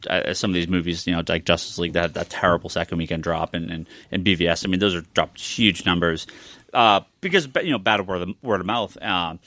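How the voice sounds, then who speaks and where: A man co-hosting a podcast, chatting casually, animated and often stammering as he restarts his sentences. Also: low-pitched, fast talker, no echo. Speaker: podcast co-host. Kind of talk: casual chat.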